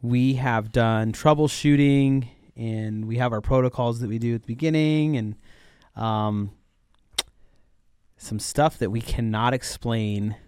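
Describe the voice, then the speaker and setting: A man from Arizona, co-hosting a casual chat and telling stories in an animated way. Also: medium pitch, unhurried, clean tone, dry recording, studio quality. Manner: chatty, animated storyteller. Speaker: podcast co-host.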